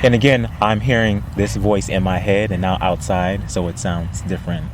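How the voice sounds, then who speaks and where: A man, a poet, with a soft, light voice, reading his poetry and chatting casually, drawing out his syllables. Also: lowish voice, steady tone, noisy background. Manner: stretched, drawn-out syllables. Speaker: poet, podcast guest.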